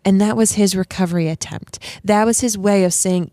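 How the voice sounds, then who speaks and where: Woman in her 30s cohosting a tv podcast, chatty storyteller, mid pitch, dry sound. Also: fairly even intonation, fairly quick, warm tone, no room sound. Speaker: podcast co-host. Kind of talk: casual chat and storytelling.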